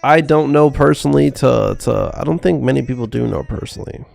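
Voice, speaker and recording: A man's voice: mid-range voice, a little fast, creaky, a little mellow. A man hosting a live trading stream, chatting loosely and swearing casually with his viewers. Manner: loose, profane banter with chat. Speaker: livestream trading host.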